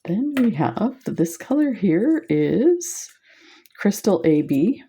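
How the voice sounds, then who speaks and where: A woman hosting a beading video, gushing and excited as she shows off new beads, laughing often. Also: mid-range voice, takes it slowly, breathy edge. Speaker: beading channel host. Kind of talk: casual product showcase vlog.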